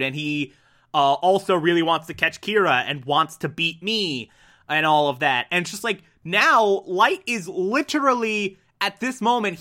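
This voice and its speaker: Bright, unhurried anime reviewer. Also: medium pitch. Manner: animated, fillers like "like" and "uh", acts out quotes. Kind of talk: casual episode breakdown.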